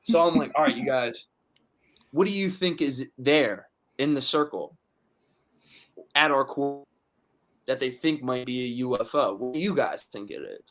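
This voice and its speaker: A man's voice: mid-range voice, moderate pace, pauses often. A man from Philadelphia, a podcast guest, telling a story in casual chat, swearing often and acting out his friends' lines. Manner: animated, profane, acts out friends' quotes.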